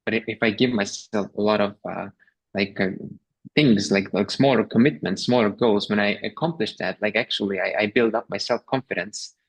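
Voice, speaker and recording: A man hosting a podcast speaks in a reflective, halting way, searching for his words and restarting phrases. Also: lowish voice, steady tone, poor audio. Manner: hesitant, many fillers and restarts, reflective. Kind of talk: conversational podcast talk.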